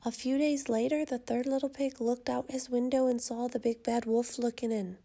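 Woman, storybook narration, high voice, gravelly texture, measured and expressive.

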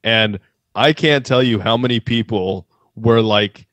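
A man with a fairly low voice, chatting casually on a podcast. He tells stories with energy and acts out the people in them. The sound is dry and close. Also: unhurried, dry recording, lo-fi sound. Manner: animated storyteller who acts out callers. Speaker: podcast co-host. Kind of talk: casual chat.

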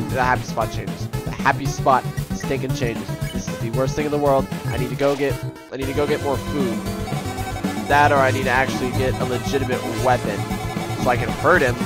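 A young man commentating on his own gameplay in an excitable, self-mocking way, muttering to himself between outbursts. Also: mid-range voice. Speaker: let's play gamer. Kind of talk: let's play commentary. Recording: game music playing behind.

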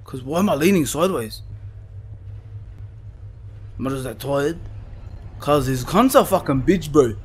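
A young man playing a horror game, swearing and panicking as he yells at the screen. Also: on the high side, lively intonation, a little slow, long pauses, slightly rough. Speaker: gaming YouTuber. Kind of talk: horror game let's play.

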